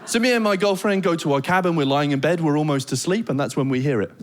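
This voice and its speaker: A stand-up comedian from Britain with a British accent, telling animated stories and laughing along. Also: male voice, fairly high pitch, fast talker, a little hiss or hum.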